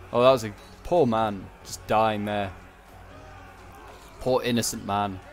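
A man's voice: lowish voice, fairly even intonation, measured pace, pauses often, soft background music. A man giving casual, rambling commentary on a strategy game battle, correcting himself and tossing in joking asides. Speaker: gameplay commentator.

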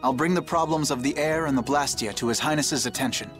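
An actor voicing an earnest young male knight in a video game, speaking in a formal, measured way, with game music behind him. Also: mid-range voice, natural voice. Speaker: game character.

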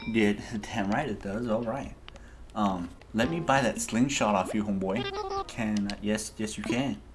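Hyped male gamer narrating his play, slangy and loud about it, game music underneath. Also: lowish voice, measured pace. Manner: excitable, talks to viewers as "y'all", slangy. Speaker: gaming video host. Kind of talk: casual let's-play commentary.

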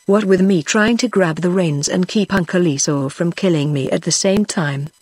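A text-to-speech woman's voice with a British accent, reading an audiobook in an even, steady way. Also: lowish voice, normal speed, husky, no echo. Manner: even, steady machine-read delivery. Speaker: audiobook narrator.

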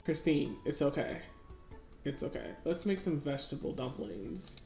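This let's-play gamer has a deep, dark voice and speaks at a moderate pace. She chats casually about her gameplay and talks to her characters, recorded in an echoey room with faint music.

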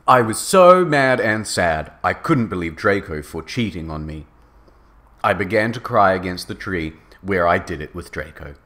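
A man's voice: sits low, expressive, moderate pace, bright, forceful tone. A man narrating in a comedic dramatic reading with an exaggerated, mock-earnest delivery.

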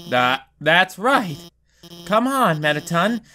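A man voicing a nervous, earnest female lizard scientist with a stammering, pitched-up voice. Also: big pitch swings, slow, pushed and bright, a little hiss or hum, heavily acted. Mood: defiant. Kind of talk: reading game dialogue aloud.

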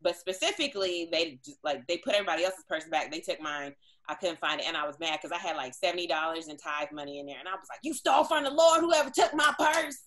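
A woman's voice: deep voice, fast. Woman, young adult, podcast co-host, casual storytelling, acts out quotes. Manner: animated storyteller who acts out quoted voices.

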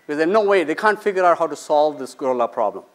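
A man's voice: on the high side, expressive, fast. A man, a finance professor, lecturing students in a conversational way, asking the audience questions and briefly acting out the people in his stories. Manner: acts out quoted people in short bursts.

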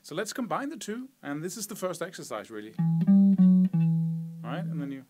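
A man's voice: on the high side, sing-song, moderate pace. A man teaching a guitar lesson, explaining step by step and counting out fret numbers. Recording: loud guitar playing behind. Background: electric guitar.

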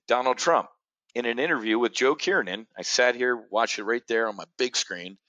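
A man's voice: medium pitch, normal speed, bright, forceful tone, dry recording. A man hosting a live options-trading brief from a studio chair, talking straight to camera in brash, boastful sales patter. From United States. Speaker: trading educator. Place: indoor studio, seated facing camera.

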